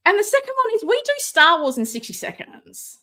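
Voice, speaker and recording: A woman hosting a live stream from home, chatting casually, excitable and sarcastic, sometimes shouting. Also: very high-pitched, brisk. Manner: excitable, sarcastic, loud at times. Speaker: livestream host. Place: home room with ring light. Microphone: no mic close by, computer setup.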